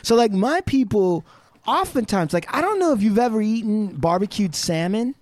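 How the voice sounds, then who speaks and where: A man's voice: sits high, animated, normal speed, darkish tone, dry recording. A man from the Pacific Northwest US, a podcast guest rambling in casual chat with lots of "like" and swearing. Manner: rambling, profane, full of "like".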